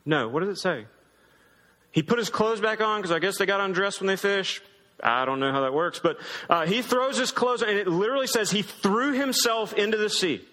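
A man's voice: high voice, brisk, sharp tone, long reverb tail. A man in his thirties preaching a sermon in a casual, joking storytelling way. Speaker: pastor.

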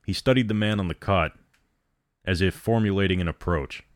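A man's voice: normal speed, no room sound, studio quality. A man reading a story aloud, narrating and voicing each character in turn. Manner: reads all characters in a low steady voice. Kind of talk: scripted narration.

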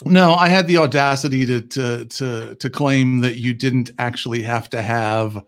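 A man's voice: medium pitch, moderate pace. Wry, self-deprecating man chatting. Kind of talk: casual podcast chat.

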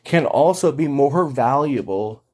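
A man's voice: medium pitch, unhurried. A man telling sales stories in a casual, chatty monologue as a coach, with many fillers, acting out the people he quotes. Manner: animated, chatty, lots of fillers, acts out quoted voices.

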